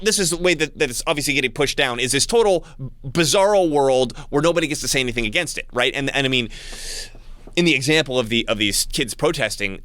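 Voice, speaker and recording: A man talking in a casual monologue to his channel's viewers, halting with frequent restarts and repeated words. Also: mid-range voice, pushed and bright, dry recording. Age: adult with young child. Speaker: channel host.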